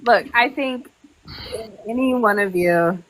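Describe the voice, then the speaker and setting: A woman's voice: mid-range voice, takes it slowly, poor audio. A woman joining a group chat on a livestream, talking bluntly with profane banter. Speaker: livestream participant.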